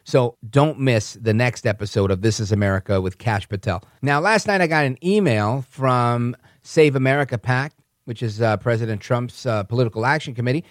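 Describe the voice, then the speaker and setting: Male podcast host, calm conversational commentary, dry close recording. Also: medium pitch, normal speed, dry recording. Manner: conversational, self-correcting, calm. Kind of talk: political commentary monologue.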